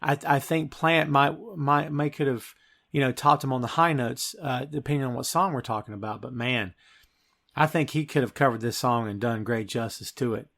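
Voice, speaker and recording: Guy hosting a podcast, gets really fired up and gushes, middle pitch. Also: normal speed, vocal fry, fairly bright tone. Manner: enthusiastic, gushing. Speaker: podcast host. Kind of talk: casual chat.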